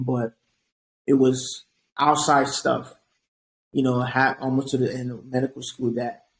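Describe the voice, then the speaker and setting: Gravelly young man giving earnest advice. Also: mid-range voice, low-quality recording. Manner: reflective, repeats words when starting thoughts. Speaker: physician guest.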